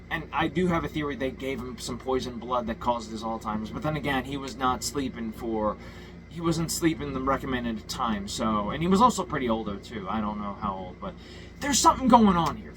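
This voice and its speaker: A man's voice: mid-range voice, lively intonation, moderate pace, background noise. Heated, profane man ranting. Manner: profane, heated, stumbling restarts. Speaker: political commentator. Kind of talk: ranting monologue.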